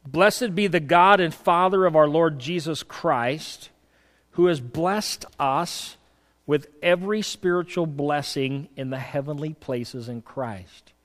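Guy preaching in a church, fairly high voice, folksy and chatty, goes loud then real soft, long hall echo. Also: slow. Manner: swings from loud scripture reading to soft, hushed asides; folksy, conversational storytelling. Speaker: pastor. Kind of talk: sermon.

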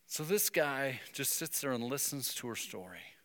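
A man preaching a sermon, telling a story and breaking into emphatic, animated bursts. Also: mid-range voice, normal speed, in a large hall. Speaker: pastor.

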